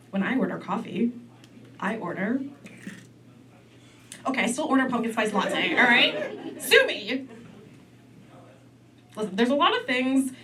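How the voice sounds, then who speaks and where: A woman's voice: a little high, pushed and bright, recorded from a distance, low-quality recording. A woman performing a stand-up comedy set in a comedy club, acting out relatives in big voices.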